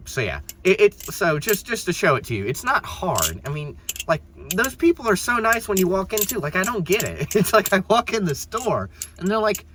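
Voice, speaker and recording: A man's voice: a little high, very animated, normal speed. A young man telling a casual story while driving, rambling, with many restarts and an exasperated tone. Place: in a car. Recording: noisy background.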